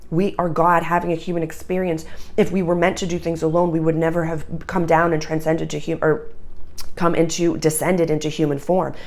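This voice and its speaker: A woman's voice: low-pitched, flat delivery, a little fast. A woman giving a channeled tarot reading to camera, urgent, emotional and earnest, with many fillers. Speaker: astrology and tarot reader.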